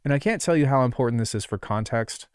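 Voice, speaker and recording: A man's voice: medium pitch, animated, quick pace, clear, resonant tone, dry recording, studio quality. Laid-back man talking through a tutorial. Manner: rambling, offhand, lots of fillers and asides. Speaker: music production tutor. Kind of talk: casual screen-recorded tutorial.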